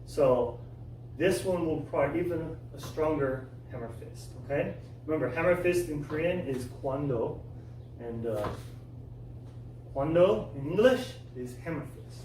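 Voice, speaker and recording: A man teaching a kids' martial arts class, coaching step by step, checking in with "okay?" and shouting loud kiai cries. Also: fairly high pitch, expressive, unhurried. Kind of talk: follow-along class instruction for kids. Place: indoor martial arts studio. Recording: echoey room, from far off, faint noise.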